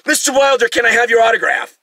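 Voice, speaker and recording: A man voicing an excitable male restaurant waiter who fawns over a celebrity in a high squeaky voice. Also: quick pace, dry recording, heavily acted, low-quality recording. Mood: starstruck.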